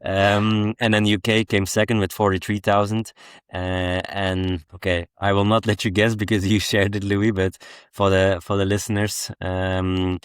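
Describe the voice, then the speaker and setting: A young adult man with a West Flemish accent co-hosting a podcast in casual chat, relaxed and full of ums and uhs. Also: on the low side, a little slow, clean tone, no echo, studio quality. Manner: relaxed, many ums and uhs, laughs often. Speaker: podcast co-host.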